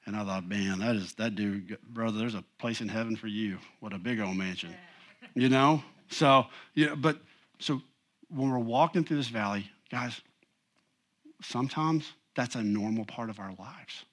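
A man's voice: on the low side, moderate pace. A middle-aged man preaching a sermon in a church, talking in a casual, emphatic way and often saying "you know.". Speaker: pastor.

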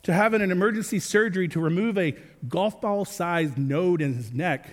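A man's voice: high voice, normal speed. A man in his thirties preaching a sermon as a pastor, earnest with joking asides. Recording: long reverb of a large hall.

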